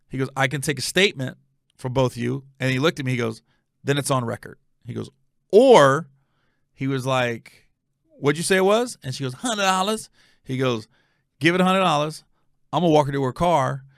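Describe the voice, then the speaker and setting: A middle-aged American man hosting a podcast, telling a story in a casual, animated way, acting out quotes and swearing freely. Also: on the high side, creaky, dry recording, clean studio sound. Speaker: podcast host.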